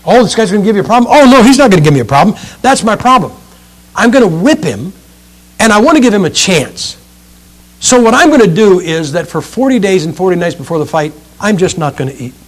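A cocky heavyweight boxing champ, boastful and relaxed, as a preacher acts him out. He talks his way through his plan in an easy, self-assured voice. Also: high voice, fast talker.

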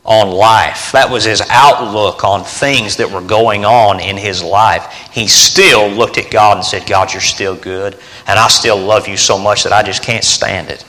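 Man, middle-aged, earnest preaching, hushed to emphatic, bright tense timbre, long reverb. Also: lowish voice. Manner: earnest storytelling, swings from hushed to rising emphasis. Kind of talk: sermon with personal story.

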